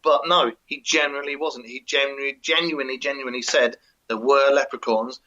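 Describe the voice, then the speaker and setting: A man's voice: medium pitch, fairly even intonation, a little fast, bright, forceful tone. A man co-hosting a show, reading out a folk tale and then chatting with dry humour. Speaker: co-host. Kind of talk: storytelling and casual chat. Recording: dull lo-fi sound.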